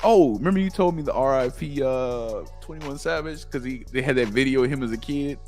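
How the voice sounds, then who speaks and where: A man's voice: medium pitch, brisk, over loud music. A man co-hosting a casual chat, playful and joking, telling anecdotes. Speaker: podcast co-host.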